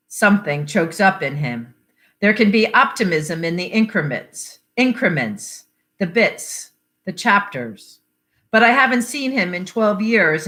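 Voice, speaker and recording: A woman reading a literary short story aloud in a measured, expressive way. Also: mid-range voice. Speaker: library reader.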